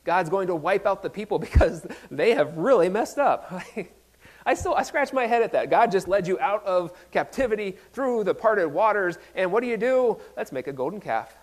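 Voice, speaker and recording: A man's voice: sits high, lively intonation, moderate pace. A man pastor giving a casual, conversational sermon in a playful, self-deprecating manner, often restarting his sentences.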